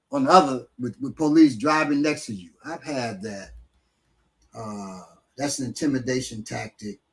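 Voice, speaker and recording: A man's voice: fairly high pitch, a bit bright, poor audio. A man teaching martial arts on a casual live stream, answering questions in a blunt, streetwise way, sometimes swearing and often using fillers.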